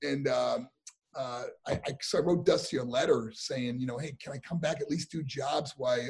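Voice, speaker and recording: A man being interviewed, telling animated stories about his past career, with many fillers and acted-out voices. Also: medium pitch, normal speed, gravelly, slightly rough. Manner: animated, acts out voices in anecdotes, frequent fillers. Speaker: interview guest, former wrestler. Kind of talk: casual storytelling.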